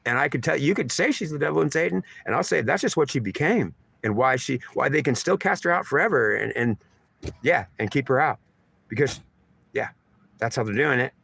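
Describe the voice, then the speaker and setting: A man talks through a spiritual message in a rambling, repetitive flow, circling back to the same points with emphasis. His pitch is middle-of-the-road and the recording is dry. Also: animated, fairly quick, creaky, a bit bright, slightly rough, dry recording. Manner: repetitive, emphatic, stream of consciousness. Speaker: channeler giving spiritual messages.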